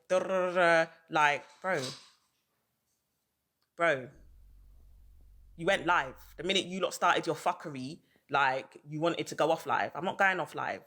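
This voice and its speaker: A woman's voice: deep voice, a little slow, fairly bright tone. A woman ranting on a livestream, heated and repetitive, hammering her points over and over. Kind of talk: livestream rant.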